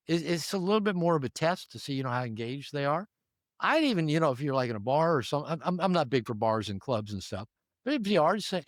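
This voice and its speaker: A man's voice: fairly high pitch, brisk, no echo, studio quality. An older man, a relationship therapist, giving casual advice in an interview and acting out short exchanges in different voices. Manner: animated, acts out little dialogues with changing voices.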